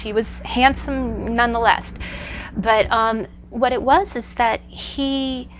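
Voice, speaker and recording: A woman's voice: a little high, a bit bright, a little hiss or hum. A woman giving a conversational tarot lesson, reflective and telling stories with many asides. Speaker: tarot teacher.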